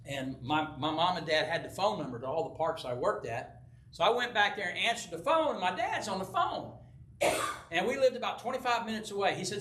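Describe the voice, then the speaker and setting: Older pastor, bright and lively. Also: male voice, high voice, a little fast. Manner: folksy storytelling, acts out quoted voices. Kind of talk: sermon with personal story. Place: church sanctuary. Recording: echoey church from a distance.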